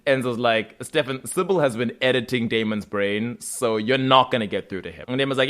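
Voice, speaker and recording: A man co-hosting a podcast, recapping episodes in casual chat with quick voiced asides for each character. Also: medium pitch, lively intonation, a bit bright. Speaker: podcast co-host.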